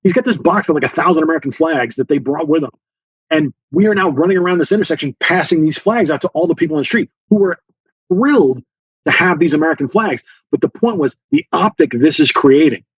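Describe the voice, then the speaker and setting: A man speaking in a fairly high, husky voice, recounting events as a guest on an interview show. He acts out the lines of the people in his story and talks with frequent fillers. The sound is dry and a bit muffled. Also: fast, no room sound. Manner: animated storyteller, acts out dialogue, many fillers. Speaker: guest author, former Special Forces officer.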